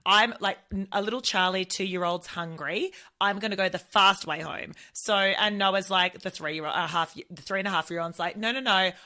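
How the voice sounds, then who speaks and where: A woman's voice: moderate pace, hardly any pauses. A woman, a podcast co-host and mother, telling a parenting story in casual chat and acting out her toddler's crying voice. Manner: animated retelling, acts out her toddler's shrill crying voice.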